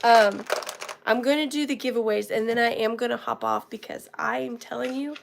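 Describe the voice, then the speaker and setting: A woman's voice: on the high side, fairly even intonation, normal speed, gravelly, background noise. A woman hosting a live-stream sale, chatting fondly with viewers and thanking them by name while she feels a bit unwell. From southern United States. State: feeling unwell. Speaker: live-stream auction host. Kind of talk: casual live-stream selling chat. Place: home workspace.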